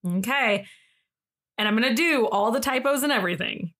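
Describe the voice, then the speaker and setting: A woman co-hosts a podcast, walking through a story in relaxed chat with plenty of filler words. Her voice sits a little high and she laughs easily along the way. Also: moderate pace. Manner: chatty and giggly, with many "like" fillers. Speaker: podcast co-host.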